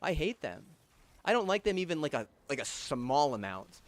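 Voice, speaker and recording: A man's voice: on the high side, sing-song. A young man in a rambling, angry rant, swearing constantly and stopping to restart his sentences. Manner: angry, heavy swearing, halting restarts and fillers.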